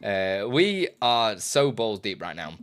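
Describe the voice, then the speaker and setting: A man's voice: fairly low pitch, sing-song, slow, fairly bright tone, a little hiss or hum. A man chatting casually on a live stream, rambling and correcting himself as he explains his setup, often laughing.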